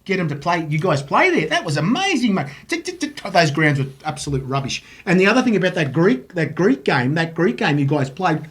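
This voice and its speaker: Man, host, high voice, excitable, laughs often. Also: a little fast, hardly any pauses. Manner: excitable, laughs often, says "mate" constantly. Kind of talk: casual chat on a live stream.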